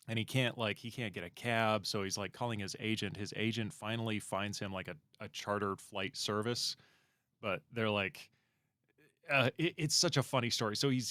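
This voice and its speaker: A young adult man on a podcast, casually retelling a story in a relaxed, rambling way. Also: on the low side, no room sound, studio quality. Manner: laid-back, rambling retelling. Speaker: podcast co-host. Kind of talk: casual chat.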